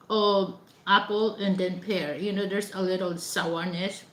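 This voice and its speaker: Slow-talking woman, chatty vlogger. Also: mid-range voice, flat delivery, roomy sound. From Philippines. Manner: chatty, lots of fillers, laughs while eating. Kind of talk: casual chat while eating.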